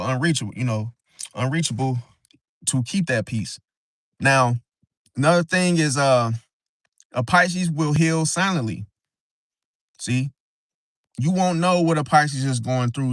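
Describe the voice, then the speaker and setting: A man's voice: fairly high pitch, a bit bright, dry recording. A man hosting an astrology livestream, talking in an emphatic, preachy way and often tagging "see?" onto his points. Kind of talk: casual livestream talk.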